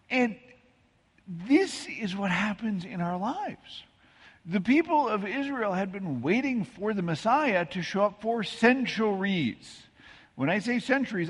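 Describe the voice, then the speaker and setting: A Midwestern American pastor with a high, slightly husky voice delivers a sermon in a church sanctuary, where long, lingering reverb carries his words. He preaches in a relaxed, conversational way, telling stories with asides and self-deprecating jokes.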